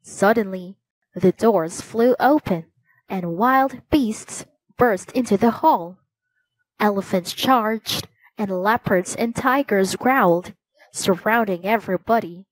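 A woman reading a storybook aloud, slowly and clearly. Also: medium pitch, no echo, rough recording.

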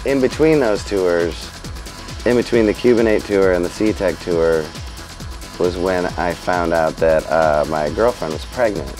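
Profane storytelling man, low voice. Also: unhurried, faint music behind, rough recording. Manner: animated, profane anecdotes. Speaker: musician interviewee. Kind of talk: storytelling interview.

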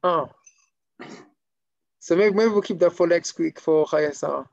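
A man, a rabbi, telling stories in an animated, conversational way to a small live class. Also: on the high side, a little slow, creaky, no room sound, lo-fi sound. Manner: animated, conversational storyteller with many fillers. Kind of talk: storytelling Torah lesson to a live group. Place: room with a small live audience.

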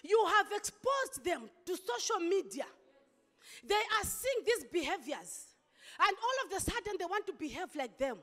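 A woman pastor delivering an impassioned sermon, with sudden loud outbursts. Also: very high-pitched, big pitch swings, normal speed. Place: church hall. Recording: long hall reverb.

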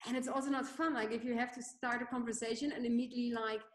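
A woman's voice: fairly high pitch, fairly even intonation, fast talker. A woman in her thirties with a Dutch accent, chatting casually as a panel guest, full of "like" fillers. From Netherlands. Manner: chatty, many "like" fillers, laughs easily. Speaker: guest entrepreneur. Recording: echoey room.

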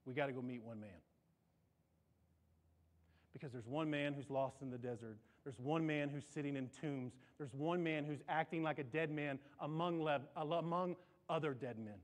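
A man preaching a sermon in a church, animated, often repeating and restarting his words. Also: moderate pace. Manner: animated, climbs in pitch and volume for emphasis. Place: church sanctuary.

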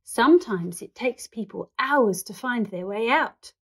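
A woman voicing a kindly, courteous older male shopkeeper in a children's storybook reading, speaking gently and a little fretfully. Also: a little high, expressive, a little slow, breathy edge, heavily acted.

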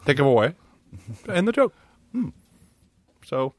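A man co-hosting a casual podcast, joking around and halting with fillers. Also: on the high side, sing-song, darkish tone, dry recording. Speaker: podcast co-host. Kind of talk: casual chat.

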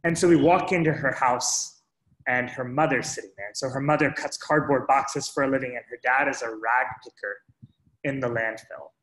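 A man's voice: medium pitch, fairly even intonation, normal speed, a bit bright. A man earnestly telling a first-person story to an audience, stringing his sentences together with "and so". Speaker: speaker sharing a story. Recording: echoey room.

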